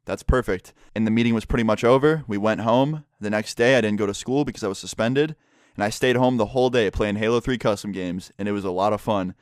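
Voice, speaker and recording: A man's voice: fairly low pitch, fast, dry recording, clean studio sound. A young man with a stuffy, sick voice, telling a story in a casual vlog, rambling and swearing with lots of "like". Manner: rambling, profane, many fillers of "like". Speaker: YouTuber telling stories.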